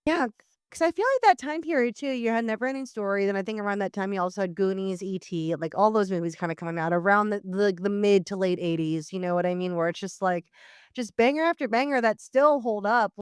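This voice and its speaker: A woman hosting a podcast in casual chat, animated and wry, full of "like" and "you know what I mean". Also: mid-range voice, clear, resonant tone, no room sound, studio quality. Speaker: podcast host.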